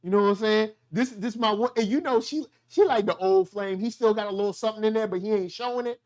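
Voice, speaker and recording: A man's voice: high-pitched, fast. Slangy man riffing on a TV show. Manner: slangy, animated, acts out quotes in voices. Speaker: show host. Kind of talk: casual TV review chat.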